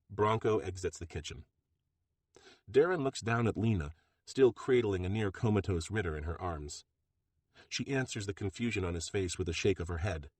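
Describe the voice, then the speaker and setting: A man reading an audiobook in steady, measured narration on a close mic. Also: fairly low pitch, no echo. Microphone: close studio mic.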